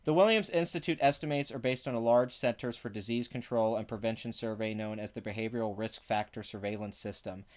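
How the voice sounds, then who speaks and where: A man's voice: fairly low pitch, fairly quick, few pauses, darkish tone. A man giving sarcastic, profane commentary, reading parts of an article aloud between exasperated rants. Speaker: online commentator.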